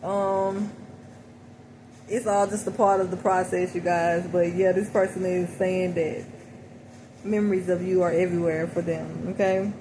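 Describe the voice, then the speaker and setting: A woman's voice: lowish voice, level tone, measured pace, mellow, rough recording. A woman speaking in a casual, reflective way, interpreting song lyrics for her listeners and often checking in with "okay?". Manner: reflective, repeats "okay?" and "you know". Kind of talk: casual spoken reading. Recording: noticeable background noise.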